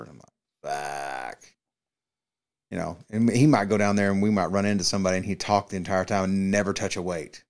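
A man's voice: deep voice, a little fast, clean tone. A man, co-hosting a podcast, telling rambling, profane stories and acting out quotes. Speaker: podcast co-host. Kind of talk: casual chat, storytelling.

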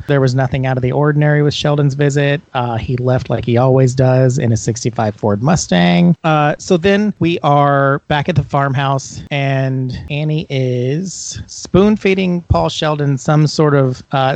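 A man with a mid-range voice recaps a film in relaxed, casual podcast talk. He drops in fillers and joking asides. His voice is recorded dry and close. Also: mid-range voice, no room sound. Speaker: podcast co-host.

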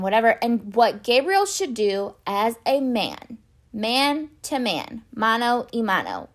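A woman's voice: on the high side, a bit bright. A young woman ranting casually in a show recap, exasperated and sarcastic, swearing often and filling her talk with "like". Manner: exasperated, sarcastic, swears a lot, many fillers.

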